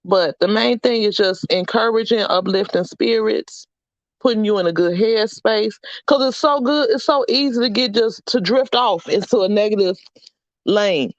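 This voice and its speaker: A woman's voice: mid-range voice, normal speed, no echo, highs cut off. A middle-aged woman hosting a casual livestream chat, upbeat and encouraging as she reads out names from the chat. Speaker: livestream host.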